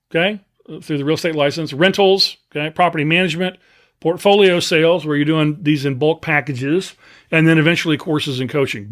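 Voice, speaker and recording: A man's voice: on the high side, a bit bright. Emphatic man coaching real estate investors. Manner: emphatic, frequent "okay?" check-ins. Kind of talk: live webinar teaching.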